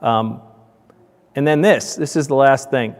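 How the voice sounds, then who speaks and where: A man giving a conference talk, telling stories with lively acted-out voices. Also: unhurried. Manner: animated, acts out dialogue with raised pitch. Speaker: conference speaker, donut shop owner. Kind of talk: storytelling presentation. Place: conference hall. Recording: hall reverb from a conference room.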